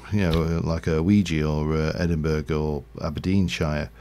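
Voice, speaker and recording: A man's voice: extremely low pitch, steady tone, normal speed, dark tone, a little hiss or hum. A man from Yorkshire, England with a slight Yorkshire accent, rambling and chatty as he streams a game and corrects himself mid-sentence. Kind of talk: casual livestream gameplay commentary.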